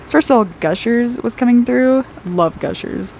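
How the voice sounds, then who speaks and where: A woman's voice: a little high, moderate pace, gravelly, darkish tone, a little hiss or hum. A woman in her twenties giving a casual intuitive aura reading while she draws, chatty and rambling, dropping "like" often and laughing a lot. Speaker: aura reader and artist.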